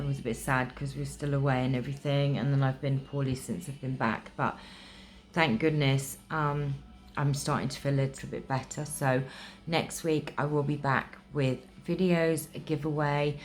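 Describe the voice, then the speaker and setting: A middle-aged woman from England chatting to camera in a vlog, gushing and emotional, with many ums, still recovering from being ill. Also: a bass voice. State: recovering from illness. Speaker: craft vlogger. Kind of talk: casual chat to camera.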